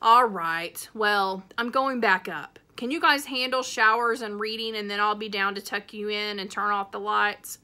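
A woman reading as a tired, worried mother who is firm but gentle with her kids. The voice is bright and clear, read aloud from a storybook. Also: medium pitch, normal speed, hardly any pauses. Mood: weary. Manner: firm, coaxing.

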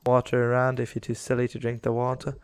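A man's voice: mid-range voice, monotone, fast talker, a little mellow, smooth, dry recording, clean studio sound. A young man giving casual, rambling commentary over a game, talking to the animals on screen and getting exasperated with them. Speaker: gaming YouTuber.

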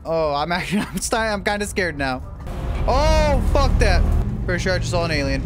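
A man commentating his gameplay, joking, swearing and yelling in bursts, then muttering low. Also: wildly swooping pitch, measured pace, over music. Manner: loud, profane, jokey, swings between shouting and mutters. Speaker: gaming streamer. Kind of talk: let's play commentary.

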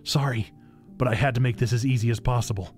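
A man voicing a treacherous evil young fighter, reading him out in a low, sinister mutter. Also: fairly even intonation, fast talker, darkish tone, faint music behind, natural voice. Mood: cold.

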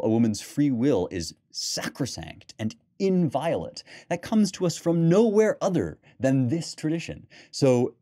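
A young man hosting a podcast, reading poetry aloud and then discussing it in an animated, emphatic way, with fillers and restarts. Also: mid-range voice. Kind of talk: lecture-style commentary with read passages.

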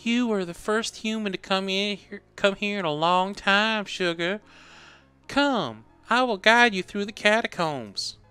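A man's voice: high voice, animated, unhurried, clear, resonant tone, dry recording, soft background music, pitched above the performer's own voice, full character voice. A man doing a sweet Southern old lady. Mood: tender, motherly. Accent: put-on Southern US. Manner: gentle, motherly, calls you sugar. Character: sweet motherly old goat-woman caretaker.

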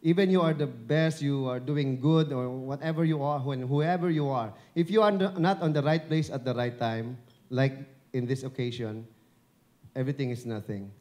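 Warm-voiced Filipino man giving a talk. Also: mid-range voice, normal speed. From Philippines. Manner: chatty and encouraging, joking with the audience. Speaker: dubbing director and broadcaster giving a talk. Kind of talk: live speech at an event. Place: event venue before an audience. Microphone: handheld microphone held at the chin.

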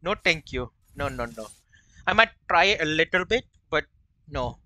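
Bright-voiced man streaming a racing game. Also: fairly high pitch, moderate pace, no echo. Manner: chatty, answers viewers' chat between races; bursts into excited yelps and laughs at the race. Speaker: livestream host. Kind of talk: live gameplay commentary.

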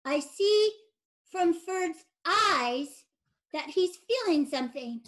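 Woman puppeteer teacher for young kids: very high, unhurried, gentle and sing-song. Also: lively intonation. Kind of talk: puppet storytelling for children. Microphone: video call.

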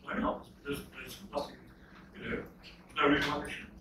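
A man's voice: fairly high pitch, monotone, moderate pace, sharp tone. An older man with an Irish accent answering questions after a lecture, talking in a rambling way with many restarts and repeated words. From Ireland. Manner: discursive, self-interrupting with repeated starts. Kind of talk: unscripted lecture Q&A. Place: lecture hall. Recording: echoey hall from far off, noisy.

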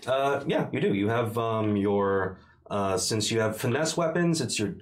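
A man narrating a tabletop game as dungeon master, describing the action in a halting way with many pauses. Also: fairly low pitch, expressive. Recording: roomy echoey room.

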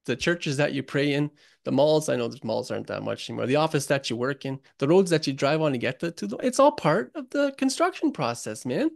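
A man's voice: on the high side, big pitch swings, fairly quick, vocal fry, no room sound, clean studio sound. A man guest on a podcast interview, telling stories in an earnest, emotional, casual way and calling the host buddy. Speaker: guest, construction author.

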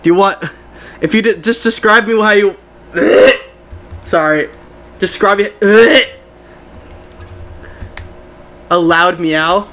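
A young man streaming a game, chatting casually with his viewers in an excitable, giggly way. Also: high-pitched, slow pace, pauses often. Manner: excitable, giggly, talks to chat. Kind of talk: casual live-stream chat.

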